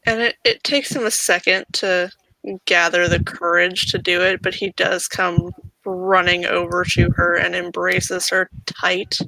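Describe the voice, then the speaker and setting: A game master narrates a tabletop game from a dry home room into a desk mic. The voice is bright, with some gravel in it. The telling stays calm, tripping now and then into repeated words. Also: mid-range voice, unhurried, dry recording, rough recording.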